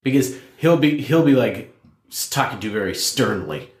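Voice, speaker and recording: A man's voice: mid-range voice, lively intonation, normal speed. A man hosting a casual podcast chat, laid-back as he thanks listeners and signs off. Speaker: podcast host. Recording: echoey room.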